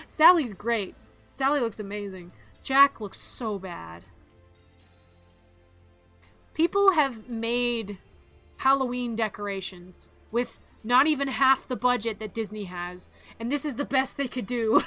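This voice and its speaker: A woman streamer in a casual, animated rant, exasperated and laughing between complaints. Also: fairly high pitch, unhurried, soft background music.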